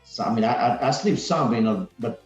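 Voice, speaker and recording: A man's voice: mid-range voice, brisk, soft background music. Rambling man in a roomy, dull recording. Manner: rambling, energetic, peppered with "like" and "man". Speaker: podcast guest. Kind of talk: casual podcast chat.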